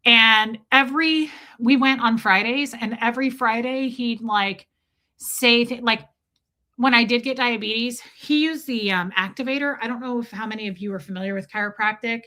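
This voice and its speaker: A woman chats candidly to her livestream viewers, cursing freely and stopping to answer their comments. Her voice sits a little high and rings very bright. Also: moderate pace. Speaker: livestream host. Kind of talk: casual storytelling livestream.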